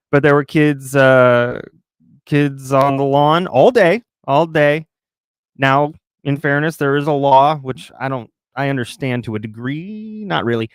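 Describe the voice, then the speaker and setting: A man's voice: medium pitch, smooth, dry recording, studio quality. A man hosting a live stream from his recliner at home, chatting casually and joking with his viewers. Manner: chatty, joking, rambling asides.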